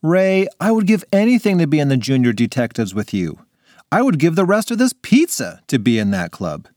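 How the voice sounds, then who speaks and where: A man voicing a glum, sarcastic schoolgirl with a flat, mocking delivery. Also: on the high side, fairly quick, dry recording, clean studio sound, pitched above the performer's own voice. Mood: pleading.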